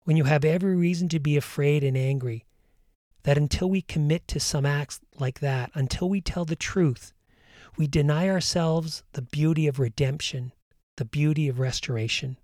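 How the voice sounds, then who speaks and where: Earnest man, slightly high voice. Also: normal speed, a little mellow, dry recording, clean studio sound. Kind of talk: storytelling and guided meditation.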